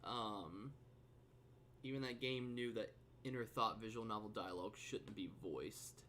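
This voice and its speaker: A man's voice: lowish voice, measured pace. Casual rambling male streamer. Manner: rambling and loose, swears freely. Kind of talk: casual game stream, reading narration aloud. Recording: steady background noise.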